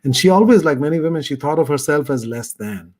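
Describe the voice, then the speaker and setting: Speaking quickly in a fairly high, animated and slightly mellow voice, a middle-aged guest on a video call thoughtfully recounts a personal story. The talk is earnest and reflective.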